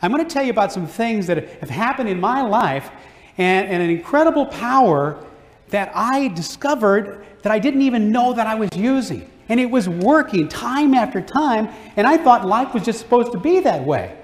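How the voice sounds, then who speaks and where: A man's voice: sits high, lively intonation, normal speed. A man giving an enthusiastic keynote speech, encouraging the audience directly. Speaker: motivational speaker. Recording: live hall with long reverb.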